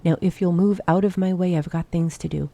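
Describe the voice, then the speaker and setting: A woman's voice: fairly low pitch, steady tone, fairly quick, vocal fry, warm tone. A woman reading the lines of a blunt teenage boy who mows lawns, speaking curtly and matter-of-factly in an audiobook. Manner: curt and matter-of-fact.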